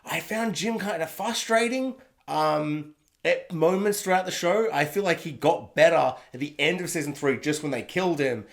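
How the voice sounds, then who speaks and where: Guy, TV recap vlogger on his own camera, chatty, self-mocking, voice a touch high. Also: normal speed, gravelly. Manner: rambling, laughs often, self-deprecating. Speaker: TV review vlogger. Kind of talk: casual spoken review. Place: home room. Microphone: own camera setup.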